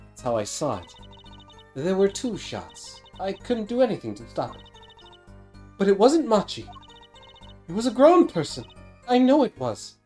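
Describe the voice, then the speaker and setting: A shy young foreign singer woman, read by a man in a game dub, speaking in halting, stiff, formal English. The voice is mellow and dark, rising and falling a lot. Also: fairly high pitch.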